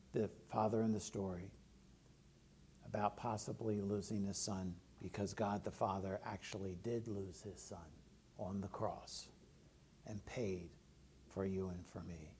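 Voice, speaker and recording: A man's voice: on the low side, steady tone, measured pace, creaky, long pauses, a little mellow, slight background noise. A male pastor giving a conversational sermon, often putting questions to the congregation.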